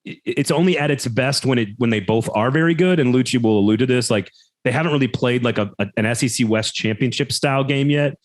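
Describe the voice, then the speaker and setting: A man's voice: mid-range voice, quick pace. Thoughtful man co-hosting a sports podcast. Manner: reflective, analytical, laughs along. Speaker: podcast co-host. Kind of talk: casual sports podcast chat.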